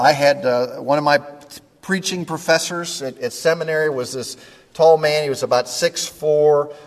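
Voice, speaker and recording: Man preaching in a reverberant hall. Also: medium pitch. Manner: conversational preaching with frequent "okay?" checks. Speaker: pastor. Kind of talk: sermon.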